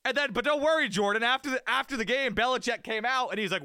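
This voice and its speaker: A man's voice: very high voice, quick pace, few pauses, bright, forceful tone, smooth, no room sound, clean studio sound. A man co-hosting a sports podcast, ranting in a rambling, self-mocking way. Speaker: podcast co-host. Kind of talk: casual sports talk.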